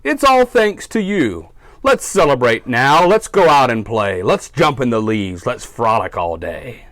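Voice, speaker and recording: Gentle storybook bear, loud and bouncy, read by a man. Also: medium pitch, big pitch swings, unhurried, no echo, studio quality. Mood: cheerful.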